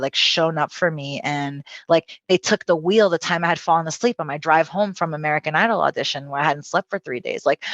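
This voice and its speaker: A woman who is a podcast guest and spiritual healer, telling a personal story with animated, profane energy and acting out quotes. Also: deep voice, dry recording, muffled recording.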